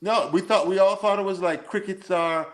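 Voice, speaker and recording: A man's voice: high-pitched, steady tone, moderate pace, a crowd in the background. A man in a casual live-stream chat, arguing his point insistently with jokes. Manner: insistent, joking argument.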